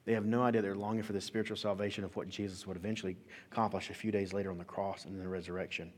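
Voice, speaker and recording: A man preaching a sermon as pastor, in an animated, conversational way, acting out quotes. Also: low voice, very fast, big-room sound.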